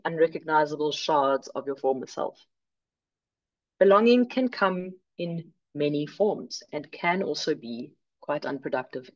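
A woman from South Africa presenting an online workshop, clear and measured with light humor. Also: sits low, muffled recording.

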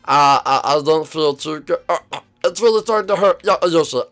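A man voicing a gentle, pregnant female dinosaur in a game role-play, speaking softly and calmly. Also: a little high, fairly quick. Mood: uneasy.

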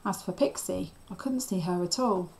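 A woman teacher reading a children's novel aloud in a steady, expressive storytelling voice. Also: fairly low pitch, moderate pace, gravelly, rough recording.

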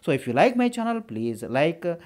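Casting: Indian-accented male tutor, lively intonation, repeats himself, rhetorical questions. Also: on the high side, fairly quick. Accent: Indian English. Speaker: exam coaching teacher. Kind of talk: exam prep lecture.

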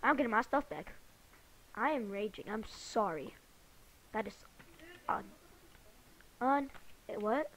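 A high-voiced woman narrating her own gameplay in an excitable, panicky way. She repeats the same words again and again and talks at an unhurried pace. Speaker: gamer. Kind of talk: let's play commentary.

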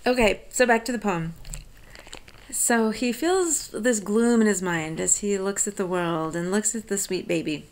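Speaking at a mid pitch with a creaky, gravelly texture, this American woman teaches college and is giving a lecture on a poem. She reads the verse aloud without hurry, then explains it through easygoing, chatty side remarks.

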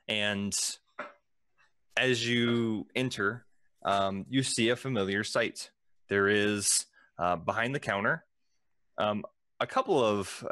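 A man narrating a tabletop game as game master, unhurried and filling pauses with ums and uhs. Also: on the low side, fairly bright tone, dry recording, studio quality.

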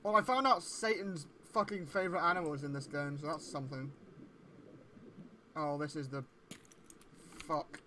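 Excitable, foul-mouthed gamer man. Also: fairly high pitch, normal speed, pauses often, slight background noise. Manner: excitable, swears a lot, yelps at scares. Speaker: let's play gamer. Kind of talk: gameplay commentary.

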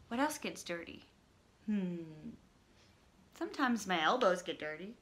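A woman leading a toddler story time, reading an interactive book aloud and singing simple songs while coaxing the children to join in. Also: mid-range voice. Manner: bright, slow and animated, singing and coaxing small children. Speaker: children's librarian.

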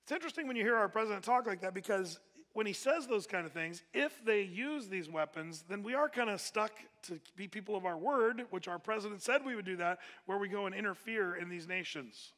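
A man's voice: high-pitched, animated, fairly quick, a bit bright. A man preaching a sermon in a casual, conversational way, with plenty of fillers and restarts. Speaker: pastor. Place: church hall. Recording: echoey hall with long reverb.

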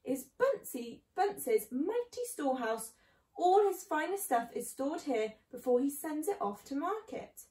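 A woman's voice: high-pitched, sing-song, a little slow, dark tone, voice pushed up. A woman reading as a sly, boastful fox. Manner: grinning, showy and commanding. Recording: echoey room.

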